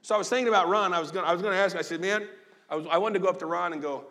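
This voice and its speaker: A man's voice: sits high, very fast. Man, 50s, pastor, conversational joking sermon, long hall reverb. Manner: animated, joking, conversational preaching. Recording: long echo of a large hall.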